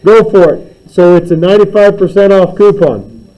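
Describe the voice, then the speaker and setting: A man's voice: high-pitched, moderate pace, dark tone, lo-fi sound. Playful man teaching a math class. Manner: playful, teasing storyteller. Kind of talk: classroom teaching with comic story problems.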